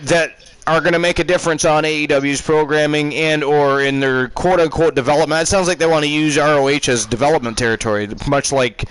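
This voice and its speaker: High-voiced man hyping a wrestling card. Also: fairly bright tone, clean tone, no echo, rough recording. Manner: hype-driven, quick wrestling announcer patter. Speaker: show host. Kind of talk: casual livestream chat and card rundown.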